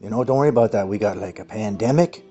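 Brief: man playing a low, hushed, patronizing scheming dad, muffled audio. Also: fast, natural voice. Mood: condescending. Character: smug, soothing father, condescending and scheming. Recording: muffled audio with faint music.

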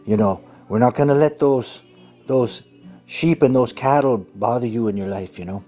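A man voicing a smug, scheming father who soothes his son in a low, hushed, patronizing tone. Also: moderate pace, lightly acted. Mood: condescending. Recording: muffled audio with faint music.

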